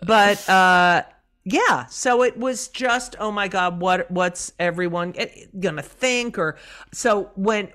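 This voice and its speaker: A woman's voice: lowish voice, fairly bright tone, smooth. Middle-aged lady comic telling stories, swears a lot, acts out every quote. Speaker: comedian guest. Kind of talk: casual interview chat.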